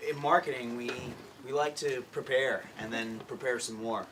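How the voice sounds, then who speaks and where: A man's voice: medium pitch, moderate pace, noisy background. A man from marketing, a podcast guest with a sore throat, hesitant and self-deprecating.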